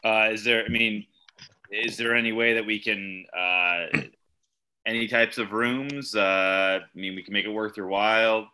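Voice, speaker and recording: A man's voice: lowish voice, fairly even intonation, a little slow, pushed and bright. A man playing a tabletop game, asking questions with hesitant fillers. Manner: hesitant, polite. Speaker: player.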